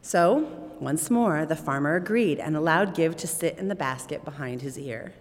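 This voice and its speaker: A woman storyteller with a low voice reads a tale aloud, swinging her pitch in lively, animated arcs. The sound carries a long hall reverb. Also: moderate pace.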